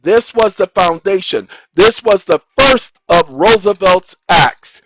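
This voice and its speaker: A man with a high voice delivers an emphatic, preaching-style monologue to his channel audience. He keeps addressing "ladies and gentlemen" and swells into loud, insistent bursts. Steady noise runs under the whole recording. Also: slow pace, low-quality recording. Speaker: channel host.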